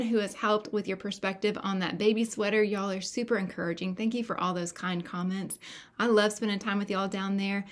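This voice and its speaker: A woman with a Southern US accent chatting to camera as host of a crochet podcast, folksy and full of fillers. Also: medium pitch. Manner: chatty, folksy, warm thanks with many fillers. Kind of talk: casual chat to camera.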